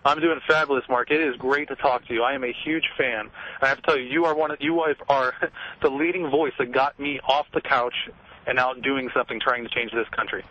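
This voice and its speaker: Young male caller, rapid and passionate, dull muffled phone sound. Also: medium pitch, fairly even intonation. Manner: earnest, passionate, fast-talking. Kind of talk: radio call-in.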